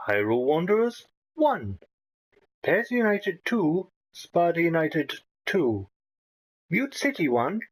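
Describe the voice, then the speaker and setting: Gaming host, gravelly voice, unhurried delivery, reads scores dryly. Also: male voice, medium pitch, low-quality recording. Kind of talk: reading out football results.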